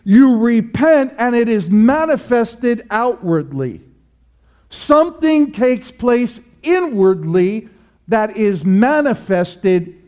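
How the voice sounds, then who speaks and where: A man's voice: sits high, darkish tone. A male pastor preaching an emphatic sermon, repeating his points and asking rhetorical questions.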